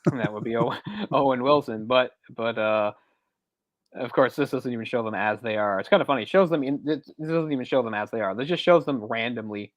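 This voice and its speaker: A man in an easygoing podcast chat, talking through a film in long, rambling stretches that loop back on themselves and break into small laughs. His voice sits at an ordinary middle pitch. The room sound is close and dry. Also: a little fast, no echo, highs cut off. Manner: chatty, rambling retelling with frequent restarts and chuckles. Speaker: podcast co-host. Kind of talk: casual movie discussion chat.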